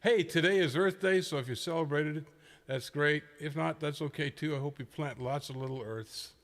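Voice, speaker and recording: A man's voice: a little high, moderate pace, a bit bright, long reverb tail. A man hosting a livestreamed amateur radio net, chatting casually and rambling with frequent chuckles. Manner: chuckling, rambling, self-deprecating.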